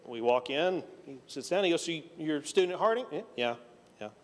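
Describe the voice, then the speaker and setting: A man's voice: fairly high pitch, expressive, fairly quick. A middle-aged Texan man preaching a conversational sermon, telling a personal story and acting out the dialogue with self-deprecating humor. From Texas. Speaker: pastor. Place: church sanctuary. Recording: church hall reverb.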